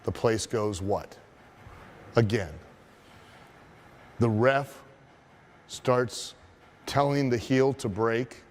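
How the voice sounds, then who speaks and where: A man who is a wrestling trainer telling a story as a lesson, profane and animated, asking his listeners rhetorical questions. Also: medium pitch, very slow, pauses often, a little hiss or hum.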